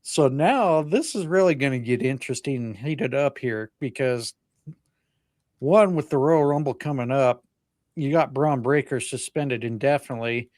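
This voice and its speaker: A man's voice: medium pitch, animated, moderate pace, a little mellow, no echo, clean studio sound. A man co-hosting a wrestling podcast, recapping events in casual chat and laughing at his own slips. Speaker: podcast co-host.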